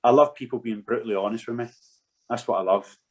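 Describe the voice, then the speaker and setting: A man's voice: medium pitch, quick pace, rough recording. A man in his thirties, a podcast guest and former footballer, telling his story candidly and frankly, swearing freely.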